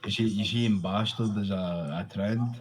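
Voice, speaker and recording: A man's voice: lowish voice, unhurried, poor audio. A Scottish man explaining local slang in casual chat, blunt and sweary, often adding "you know what I mean". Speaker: interviewee. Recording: crowd noise behind.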